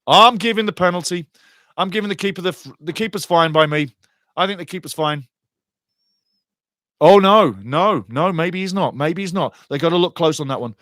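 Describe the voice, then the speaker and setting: A man hosting a soccer show, giving blunt, excitable live commentary on a penalty shootout. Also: high-pitched, moderate pace, no echo, clean studio sound. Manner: excitable, blunt, swings from laughing to outraged shouting. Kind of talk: live watch-along commentary.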